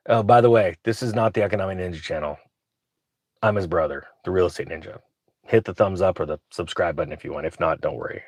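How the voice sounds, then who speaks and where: A man's voice: mid-range voice, no echo, studio quality. A man ranting sarcastically about bank news while recording from inside his truck. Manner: sarcastic, grumpy, mocking. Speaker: finance vlogger reading news. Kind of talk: ranting commentary.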